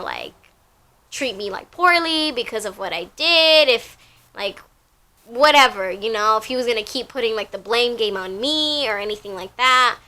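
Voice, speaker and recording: A woman's voice: a little high, bright, forceful tone. A young woman telling a rambling, casual story from her job, full of fillers and repeats.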